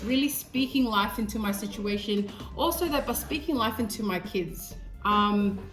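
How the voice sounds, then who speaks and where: A woman's voice: mid-range voice, roomy sound. A young Australian woman vlogging casually to camera about life as a mother at home, chatty and laughing as she talks. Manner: chatty, laughing, often breaks off to speak to her children. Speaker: parenting vlogger, mother of three. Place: family home with children around.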